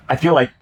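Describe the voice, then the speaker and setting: A man hosting casual chat about comedy clips, rambling with many restarts, swearing and laughing. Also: a little mellow. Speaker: host reacting to comedy clips.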